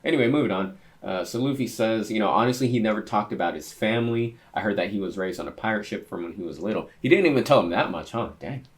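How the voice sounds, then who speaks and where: Low-voiced guy reacting to a manga chapter. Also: fast talker, hardly any pauses. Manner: excitable, reads panels aloud, thinks out loud. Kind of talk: casual reading and reacting.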